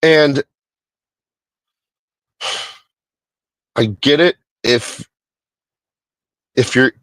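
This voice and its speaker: A man's voice: mid-range voice, very slow, a bit bright, no echo, low-quality recording. A man reviewing a movie in a casual, rambling way, swearing often and restarting his sentences. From Hispanic American. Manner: rambling, profane, many restarts.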